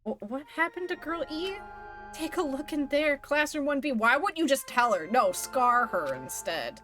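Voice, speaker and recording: A woman's voice: sits high, normal speed, faint music behind. A woman streaming a game live, reading the dialogue aloud in playful voices and chatting between lines. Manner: animated, reads characters' lines with playful voices and laughs.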